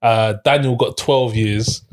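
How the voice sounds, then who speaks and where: A man's voice: mid-range voice, fairly even intonation, slow pace. A young man co-hosting a film review show in casual chat, playful and laughing often.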